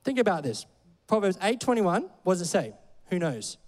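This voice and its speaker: In a large hall, a pastor gives a casual sermon, preaching loosely and conversationally with plenty of fillers and playful asides. His voice is high-pitched and very animated, moving at a moderate pace.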